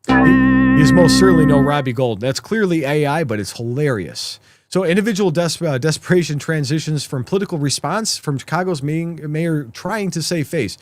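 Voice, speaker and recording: A man's voice: a little high, lively intonation, normal speed, dry recording, faint music behind. A man hosting a live political commentary show, talking sarcastically and mockingly to his viewers.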